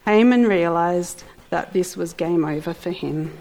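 A woman narrating a story in an expressive, theatrical way with playful asides. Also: on the low side, measured pace, low-quality recording.

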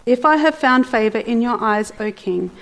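Young queen in a storybook, pleading, earnest, higher voice, done by a woman. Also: lively intonation, normal speed, creaky, rough recording. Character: frightened but brave young queen.

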